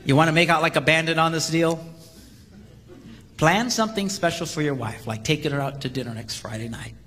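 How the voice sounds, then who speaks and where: A man giving a comedic marriage seminar to a live audience, with punchy delivery and shouted sound effects, recorded in a large reverberant hall. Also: fairly high pitch, brisk. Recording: reverberant hall with background noise.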